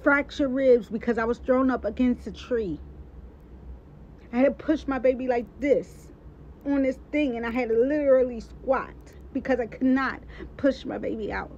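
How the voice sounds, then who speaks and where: A woman's voice: high voice, normal speed, a little mellow, a little hiss or hum. A woman giving a heated, emphatic rant and repeating her points for stress. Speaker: social media personality. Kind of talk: impassioned live-stream rant. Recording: dull lo-fi sound.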